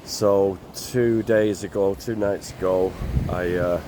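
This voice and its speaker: Older guy, bunged up, slow rambling talk, lots of noise around outdoors. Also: low voice, fairly even intonation. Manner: slow, rambling, plain-spoken. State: congested, bunged up. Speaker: vlogger. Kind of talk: casual travel vlog. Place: outdoors by the sea. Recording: noisy outdoor recording.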